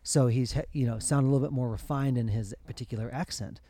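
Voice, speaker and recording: A man riffs on his podcast in a loose, rambling way, piling up fillers as he thinks. His voice is warm and mellow, and the recording is dry and close. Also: medium pitch, steady tone, quick pace, no room sound. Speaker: podcast co-host. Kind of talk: casual podcast chat.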